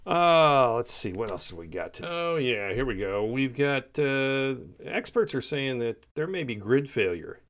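A man's voice: mid-range voice, sing-song, a little slow, few pauses, a bit bright. Heated man ranting. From United States. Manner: heated, emphatic, repeats himself. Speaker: political commentator. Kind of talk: opinionated solo commentary.

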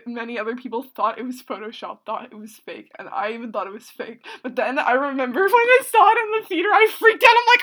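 A woman talking casually in a rambling, gushing way, full of fillers and restarts, sometimes bursting out loud. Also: high voice, quick pace. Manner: excitable, swings into loud outbursts. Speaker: reaction show host. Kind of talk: casual film reaction monologue.

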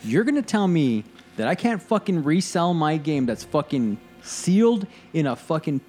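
A man's voice: fairly high pitch, big pitch swings, normal speed, darkish tone, faint music behind. A man co-hosting a casual gaming podcast, talking in heated, profane rants. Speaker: podcast co-host.

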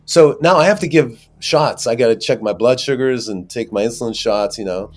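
Rambling man telling lively stories. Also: medium pitch, moderate pace. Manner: rambling, animated anecdotes with many fillers. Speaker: actor guest. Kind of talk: casual interview storytelling.

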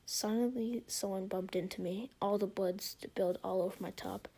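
A woman's voice: mid-range voice, steady tone, normal speed, creaky, warm tone, breathy edge. A woman reading a story aloud in a mocking, whispery, giggly way.

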